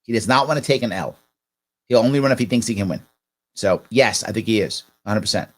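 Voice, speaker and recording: A man's voice: fairly low pitch, fast. Sarcastic man hosting a live reaction stream. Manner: sarcastic, talks back at the clip. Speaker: livestream host. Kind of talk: live reaction commentary and reading viewer comments.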